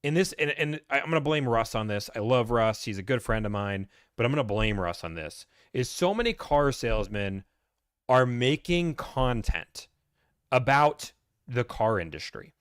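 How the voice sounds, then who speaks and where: A man's voice: mid-range voice, lively intonation, moderate pace, fairly bright tone, smooth, dry recording. Guy ranting on a q&a stream, blunt, does little salesman voices, dry close sound. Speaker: host answering viewer questions. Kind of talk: casual livestream Q&A.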